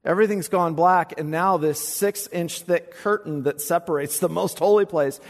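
A man preaching an expository sermon, swinging from quiet, low asides to loud, fervent recitation of scripture. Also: normal speed. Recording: long hall reverb.

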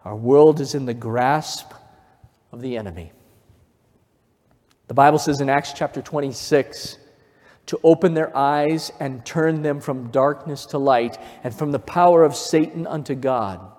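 A male pastor preaching a sermon, telling stories and building from quiet to fervent emphasis. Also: mid-range voice, measured pace. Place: church sanctuary. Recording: long reverb of a church hall.

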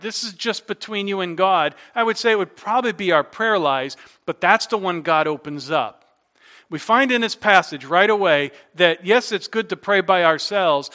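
A man's voice: high-pitched, pushed and bright. A man preaching a sermon in a conversational way, asking rhetorical questions to the congregation. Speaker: pastor.

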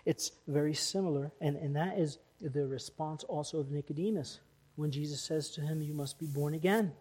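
Man, pastor delivering a church sermon; emphatic, slightly higher voice. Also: normal speed, husky. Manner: emphatic, rising to loud stresses.

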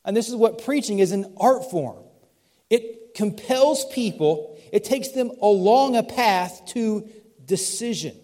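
High-voiced preacher with a Southern twang. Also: male voice, animated, a little slow, darkish tone. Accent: mixed Southern US. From Southern United States. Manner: conversational preaching with light asides and laughs. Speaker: pastor. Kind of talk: sermon. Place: church sanctuary.

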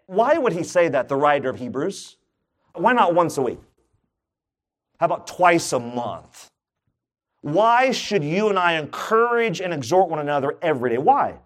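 Guy pastor preaching, fun and chatty, keeps quizzing the church. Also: fairly high pitch. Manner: lively, jokey preaching with questions to the congregation. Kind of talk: sermon.

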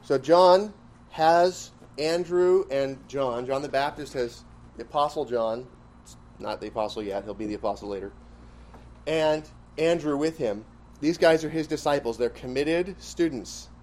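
A man's voice: a little high, measured pace, a little mellow. A man teaching a Bible class, who repeats key phrases for emphasis and puts questions to the class.

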